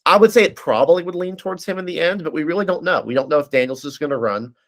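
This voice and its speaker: A man speaking as a guest analyst in a casual political discussion, breaking down races quickly and often restarting his sentences. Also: a little high. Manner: fast, analytical, frequent restarts.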